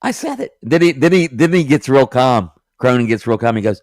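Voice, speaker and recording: A man co-hosting sports talk radio, animated and quick to laugh. He retells stories with lots of rise and fall in his pitch. The sound is dry and close to the mic. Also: no echo. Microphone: studio microphone.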